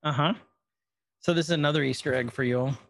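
A man's voice: on the high side, fast talker, gravelly. A man co-hosting a podcast, casually recapping an episode and joking around. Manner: joking, playful retelling with quoted voices. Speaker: podcast co-host.

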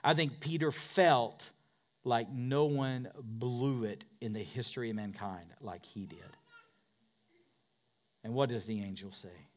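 A man preaching a sermon as a pastor, repeating phrases for emphasis and swinging from loud shouts down to hushed whispers. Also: medium pitch, a little slow.

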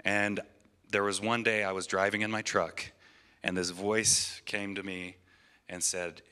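A man's voice: lowish voice, little pitch movement, measured pace, pushed and bright, smooth. A man in his thirties giving an earnest, emotional testimony in a church sermon, often restarting his phrases. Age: 30s.

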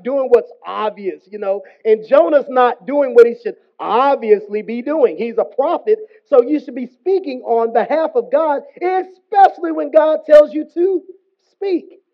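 A man's voice: very high-pitched, moderate pace. A man preaching a sermon in a casual, humorous and slangy storytelling style. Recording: dull lo-fi recording.

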